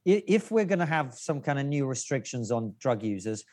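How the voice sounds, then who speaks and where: A man's voice: medium pitch, big pitch swings, a little fast, darkish tone. A man from Russia, guesting on a podcast, with a mid-range voice. He chats casually and drops dry, wry jokes between his points.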